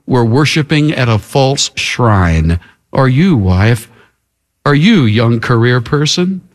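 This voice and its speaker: A male preacher delivers a sermon with an animated voice that swings widely in pitch. His delivery is emphatic and dramatic, and he addresses the congregation directly. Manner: emphatic and dramatic, acts out the characters.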